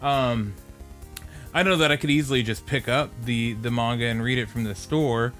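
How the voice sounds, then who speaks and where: Male co-host, mid-pitched, casual and rambly, trips over his own sentences, faint music underneath. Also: steady tone, a bit bright. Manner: rambling, halting with many restarts. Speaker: podcast co-host. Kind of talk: casual anime review chat.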